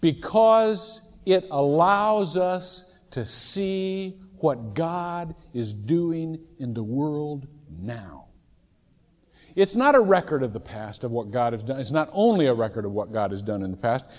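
A man from Ohio preaching a sermon in a casual, storytelling way, with occasional loud shouted impressions. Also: on the high side, animated, takes it slowly. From Ohio, USA. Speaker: pastor. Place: large church sanctuary. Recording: church hall reverb.

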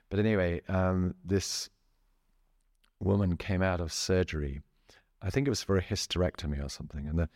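A middle-aged man speaking as a therapist guest in a relaxed interview, chatty, laughing often and restarting his sentences. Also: deep voice, no room sound, clean studio sound. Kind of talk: casual interview talk.

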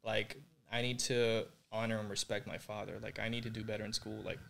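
A fairly low, creaky, yet fairly bright male voice with little pitch movement moves a little fast. The speaker, a young man raised in Puerto Rico, earnestly reflects on his faith journey as a podcast guest in a candid interview, saying "like" and "you know" a lot.

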